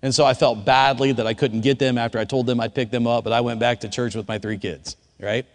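Pastor guy preaching a story, goes quiet then yells, big echoey church sound. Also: medium pitch, steady tone, a little fast. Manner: swings from hushed storytelling to shouted quotes. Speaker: youth pastor. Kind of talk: sermon storytelling.

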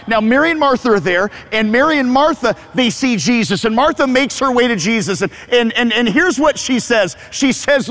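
Male pastor, high-voiced, fervent sermon delivery with soft drops and stammered repeats; long hall reverb. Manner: fervent preaching, swings between soft low murmurs and high cries, stammered repeats.

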